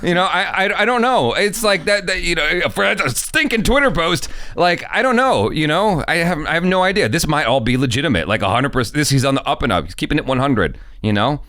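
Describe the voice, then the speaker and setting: A man's voice: fairly high pitch, big pitch swings, fairly quick, hardly any pauses, sharp tone, dry recording. A man co-hosting a reaction show, chatting casually in a rambling way, swearing and laughing often.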